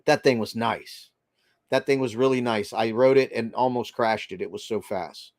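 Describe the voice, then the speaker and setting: A man's voice: mid-range voice, normal speed, darkish tone, no room sound, clean studio sound. An older man hosting a casual livestream, chatting loosely and reading viewer comments aloud. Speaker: livestream host reading chat.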